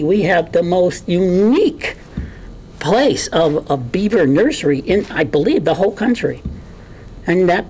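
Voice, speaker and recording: A woman with an Idaho accent giving an earnest, impassioned candidate forum speech, halting at times with many fillers. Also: fairly low pitch, darkish tone, a little hiss or hum, rough recording.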